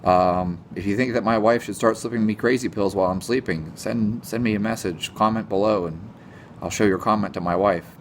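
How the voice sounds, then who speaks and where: A man's voice: on the low side, fairly quick, a little hiss or hum. A man ranting casually to camera about nutrition, sarcastic and exasperated, and he swears now and then. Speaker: nutrition vlogger.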